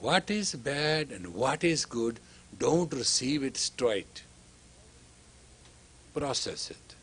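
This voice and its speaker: A man gives a slow, expressive spiritual lecture to students, his mid-range voice a bit bright and slightly rough. He hammers points through repetition and emphasis, acts out exchanges, and at times sinks to a whisper.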